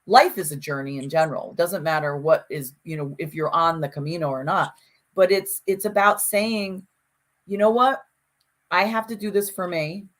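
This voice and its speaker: A woman's voice: lowish voice, normal speed. A woman co-hosting a casual conversation podcast, telling stories with lots of restarts and acted-out quotes. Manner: animated storyteller, frequent restarts and acted-out quotes. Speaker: podcast co-host.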